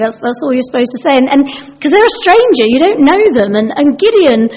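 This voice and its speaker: A woman's voice: sits high, lively intonation, brisk. A woman giving a sermon in a chatty, anecdotal way, acting out the lines she quotes. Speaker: preacher. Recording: dull sound with long hall reverb.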